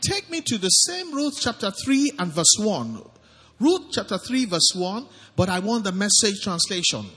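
A man's voice: sits high, sing-song, a little slow, a bit bright, in a large hall. A man pastor preaching a sermon, reading scripture aloud and calling for amens from the congregation. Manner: preaching with call-and-response, reads scripture aloud.

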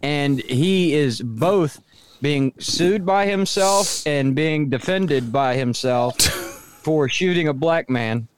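A man's voice: fairly high pitch, takes it slowly, slight background noise. A man co-hosting a podcast in casual chat, telling a rambling, amused story. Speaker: podcast co-host.

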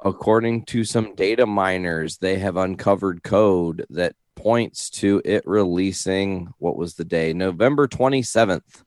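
A man co-hosting a podcast in casual chat, explaining things in a relaxed, wry way. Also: low-pitched, a little slow, no room sound, studio quality. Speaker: podcast co-host.

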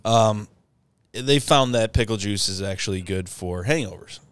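A man's voice: on the low side, normal speed, clear, resonant tone, no room sound. A man co-hosting a podcast, telling stories among friends in a laughing, profane manner. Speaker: podcast co-host. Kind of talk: casual banter.

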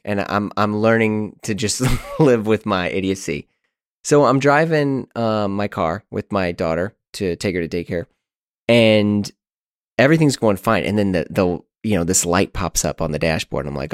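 A podcast host in his thirties with a low-pitched voice, talking loosely through a long story. He is animated and quick to poke fun at himself. The sound is dry and close. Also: no room sound. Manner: animated, self-deprecating, rambling. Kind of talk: casual storytelling monologue.

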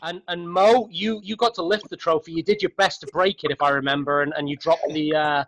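A man's voice: a little high, fairly even intonation, brisk, a bit bright, rough recording. Chatty man hosting a reunion chat. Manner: chatty, stumbling, laughs often. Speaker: podcast host.

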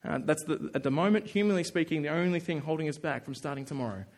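A male pastor preaching a sermon, telling a personal story in an animated, earnest way and acting out his own thoughts. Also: fairly high pitch, quick pace. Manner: earnest and emphatic.

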